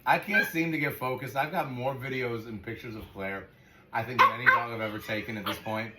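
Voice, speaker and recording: A man who runs a dog sanctuary rants in frustration, swearing freely as he talks casually to camera in a vlog. His mid-range voice is brisk, and the echoey room carries faint background noise.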